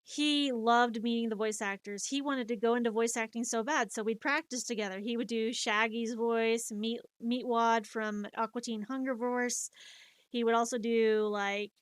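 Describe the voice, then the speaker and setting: A woman's voice: on the high side, fairly even intonation, normal speed, clean tone, dry recording, studio quality. A woman in her thirties streaming and telling rambling stories, full of fillers and restarts, laughing at herself. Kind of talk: casual storytelling chat.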